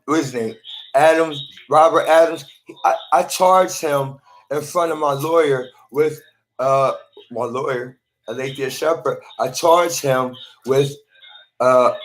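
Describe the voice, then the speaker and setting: Guy rambling into his phone, keeps repeating and restarting, mid-pitched voice. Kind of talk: rambling monologue to camera.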